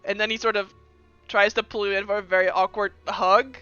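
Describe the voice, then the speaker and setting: A game master narrating a tabletop game in a lively way, briskly describing what the characters do. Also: medium pitch, clear, resonant tone, dry recording, muffled recording, soft background music. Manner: animated, laughing, describes actions briskly.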